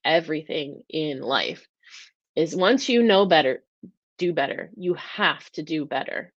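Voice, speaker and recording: A woman hosts a live-stream talk in a fairly low voice, earnest and openly emotional, rambling through restarts. The sound is dry and a bit dull, like a lo-fi webcam mic. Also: big pitch swings, unhurried, no room sound. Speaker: host.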